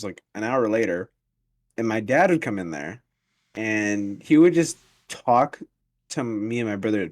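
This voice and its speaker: A young man co-hosting a casual podcast, telling stories with an animated, lively pitch and laughing often. His voice sits at a middle pitch and sounds dry and close, with no room around it. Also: no echo. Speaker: podcast co-host. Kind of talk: casual chat.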